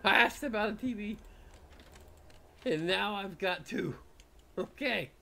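A man giving let's play commentary on a horror game, jumpy and profane, with nervous laughs and loud startled outbursts. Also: high voice, slow, vocal fry. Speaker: gaming YouTuber.

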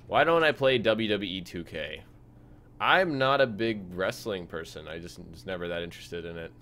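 Young male streamer, low-voiced, easygoing live chat over gameplay, faint hiss behind. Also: moderate pace. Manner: relaxed, reads chat aloud, frequent fillers.

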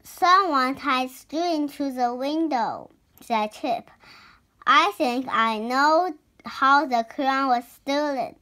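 Brief: child reading storybook boy sleuth, careful, bright tone. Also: sits high, slow pace, exaggerated voice. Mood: explaining. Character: clever young boy detective.

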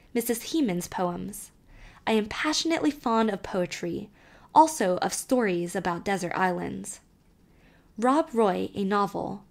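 With an expressive and varied reading style, a medium-pitched female narrator performs a child's first-person letter for an audiobook.

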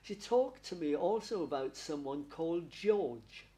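Chatty medium calling people darling. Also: male voice, fairly high pitch, expressive, a little slow, warm tone. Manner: chatty, affectionate, laughing often, calls listeners darling. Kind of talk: spiritualist church platform reading.

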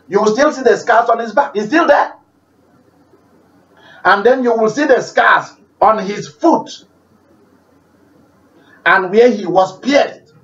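A man preaching a sermon, repeating phrases and swinging between loud declarations and hushed prayer. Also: high-pitched. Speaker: pastor. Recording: roomy, distant, dull-sounding recording.

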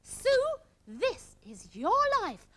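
A woman voicing an excitable, chatty female panda puppet in a children's show. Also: slow pace, breathy edge, heavily acted. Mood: excited. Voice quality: squeaky and bossy.

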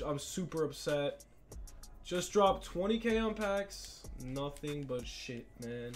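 A young man, casually commentating a video game with excitable, frustrated outbursts. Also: fairly high pitch, takes it slowly, soft background music. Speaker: gaming YouTuber. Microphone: desk mic with face cam.

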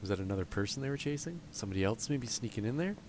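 A man's voice: mid-range voice, animated, rapid-fire, background noise. A man giving casual let's play commentary on a headset, thinking aloud and chatting to the characters on screen. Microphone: gaming headset.

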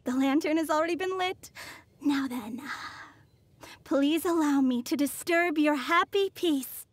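An actress voicing a polite, formal young witch in a game, speaking in a courteous, measured way. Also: high-pitched, no echo.

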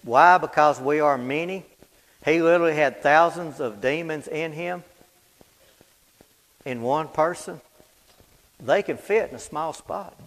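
A high-pitched man preaches a Bible study sermon in a plain, folksy manner. He hammers home his points with repetition and drops from loud proclamations to hushed asides. The sound rings with the long echo of a church hall. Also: a little slow, pauses often. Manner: emphatic and repetitive, swinging from loud declarations to low, quiet asides.

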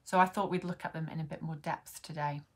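Woman poet running a beginners workshop, friendly, lotsa ums, lowish voice. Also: fairly even intonation, fast talker, breathy edge. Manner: friendly, explanatory, with frequent ums. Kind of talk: online poetry lesson to camera.

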